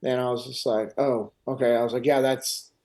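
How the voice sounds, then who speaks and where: Podcast host, middle-aged man, animated casual storyteller, mid-pitched voice. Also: moderate pace. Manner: animated retelling, acts out others' lines.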